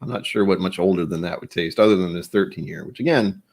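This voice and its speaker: Rambling low-voiced man tasting whiskey. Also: quick pace, gravelly, a little mellow. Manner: rambling, chatty, self-deprecating; stumbles when reading aloud. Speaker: whiskey channel host. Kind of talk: casual tasting vlog.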